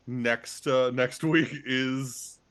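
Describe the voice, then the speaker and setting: A man chatting casually as a regular cast member of a tabletop game show, excitable and quick to laugh. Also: mid-range voice, clean tone, no room sound. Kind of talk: casual chat.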